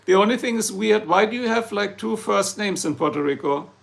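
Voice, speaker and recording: This is a man from Germany with a German accent, answering viewer comments on a casual livestream with rambling jokes. His voice is high-pitched and gravelly, with lively intonation and a fairly quick pace.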